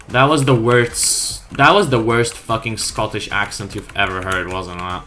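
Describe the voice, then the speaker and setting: A woman's voice: a bass voice, steady tone, unhurried, hardly any pauses, a bit bright, soft background music. A woman streamer chatting casually over gameplay, sweary and wry, often mocking herself.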